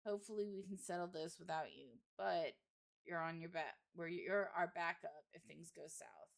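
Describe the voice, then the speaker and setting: A woman voicing a calm, in-charge small-town male sheriff in a horror game, read plainly without a put-on accent. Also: a little high, normal speed, gravelly. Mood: authoritative.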